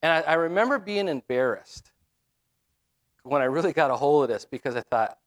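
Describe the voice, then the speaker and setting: A man's voice: a little high, expressive, fairly quick. A middle-aged man giving a conversational sermon as a minister, with frequent fillers and restarts.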